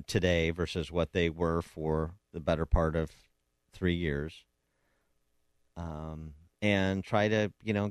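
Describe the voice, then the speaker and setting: A man's voice: low-pitched, no room sound, studio quality. A man hosting a political talk radio show, speaking emphatically and combatively with frequent restarts.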